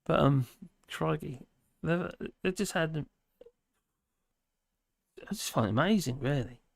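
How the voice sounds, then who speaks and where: Man, livestream host, gravelly voice, halting, rambling, dry close mic. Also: fairly high pitch, animated, dry recording. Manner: rambling, halting, many fillers and restarts. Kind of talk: casual live commentary reading viewer comments.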